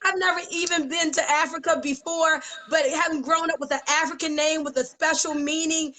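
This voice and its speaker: An American woman giving a fervent, preacher-like motivational pitch to her business team on a live video, emotional at times. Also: steady tone, fairly quick, pushed and bright, poor audio. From United States. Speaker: network marketing leader.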